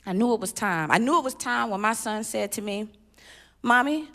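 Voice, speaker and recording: A woman performing a stand-up comedy set on a church stage, with punchy, animated delivery and sudden loud exclamations. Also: mid-range voice, brisk, creaky. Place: live stage at a church event.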